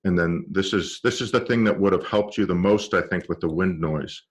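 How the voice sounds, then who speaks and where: Man, film teacher, online lesson, very low voice, halting demonstrations, directional mic. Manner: explains by live demonstration, halting restarts. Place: room with a cluttered table. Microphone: directional microphone.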